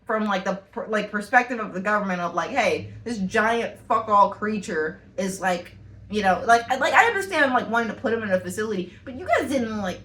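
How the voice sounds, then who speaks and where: On the high side and sounding roomy, this woman's voice belongs to a comedy podcast co-host. Her casual, animated rants are full of profanity and keep dissolving into laughter.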